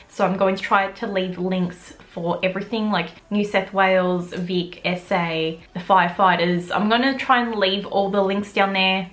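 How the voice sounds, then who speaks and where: A woman's voice: mid-range voice, a bit bright. A young Australian woman talking to camera on her vlog camera, open and emotional, with casual swearing. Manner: candid, emotional, swears freely. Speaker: beauty vlogger.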